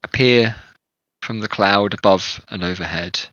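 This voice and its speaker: A man narrating a tabletop game as game master, with measured, descriptive storytelling. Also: fairly low pitch, a bit bright, dry recording, highs cut off.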